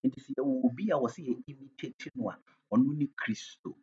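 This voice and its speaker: A Ghanaian-accented man preaches with a slightly husky, breathy voice at a middling pitch. He drives his points home emphatically, swinging between loud declarations and quieter asides. The recording is dull and lo-fi. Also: fairly quick. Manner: emphatic preaching, switching between English and Twi, loudness rising and falling. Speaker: pastor. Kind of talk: sermon.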